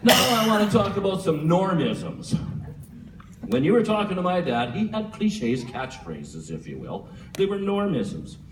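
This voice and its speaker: A man giving a humorous eulogy for his father at a church memorial, a lively storyteller who chuckles often. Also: high-pitched, measured pace. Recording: echoey hall from far off with faint room noise.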